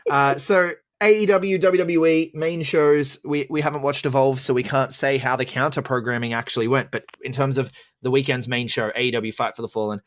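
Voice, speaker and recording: A man co-hosting a wrestling podcast in a casual chat, easygoing and quick to agree and laugh. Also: mid-range voice, fairly even intonation.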